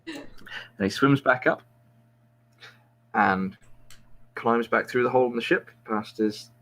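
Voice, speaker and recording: A man's voice: mid-range voice, takes it slowly, a bit bright. A man, a podcast host, telling a long joke in a rambling, self-mocking way with many restarts.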